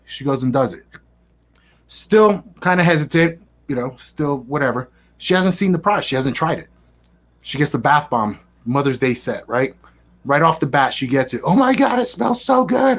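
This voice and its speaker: A man's voice: medium pitch, moderate pace. A young man telling a casual, profane story in an interview and acting out the dialogue. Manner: animated, profane, acts out quoted dialogue. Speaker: guest, business affiliate.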